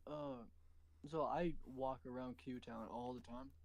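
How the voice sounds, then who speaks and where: A man's voice: mid-range voice, fairly even intonation, slow, dry recording. A young man chatting on a stream as a co-host, laid-back and slangy, laughing along and telling a story. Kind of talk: casual stream chat.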